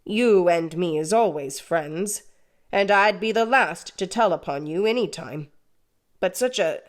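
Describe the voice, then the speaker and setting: Brief: woman reading as a gentle, slow, earnest blacksmith in an audiobook, confiding and a touch louder. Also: mid-range voice, sing-song. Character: kind slow-witted village blacksmith, grown man.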